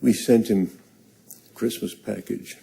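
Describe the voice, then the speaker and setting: Slow, gravelly older man telling his story. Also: fairly low pitch, fairly even intonation, dark tone, slight background noise. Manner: slow, halting, earnest. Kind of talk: live personal storytelling.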